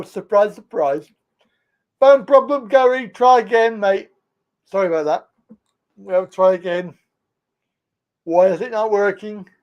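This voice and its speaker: A man's voice: high-pitched, darkish tone, muffled recording. Chatty English man hosting a live stream. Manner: chatty, laughs often, cheery greetings. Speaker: livestream host. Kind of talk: casual live-stream chat with callers.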